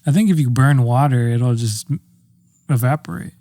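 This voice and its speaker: A man's voice: mid-range voice, normal speed, dark tone, no room sound. Brief: young male co-host, rambling, dry teasing delivery, dead close mic. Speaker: podcast co-host. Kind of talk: casual comedic chat.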